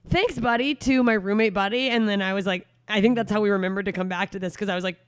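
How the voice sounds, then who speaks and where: A woman hosting a podcast in casual, animated chat, swearing freely. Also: mid-range voice, fast talker, clean tone, no room sound, clean studio sound. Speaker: podcast host.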